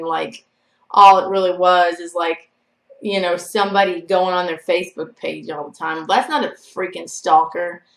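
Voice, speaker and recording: A woman's voice: mid-range voice, fairly bright tone. A woman telling a personal story to her viewers in a chatty, rambling way. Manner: chatty and rambling, full of "like" and "you know". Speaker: vlogger. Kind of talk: casual storytelling to camera. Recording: echoey room.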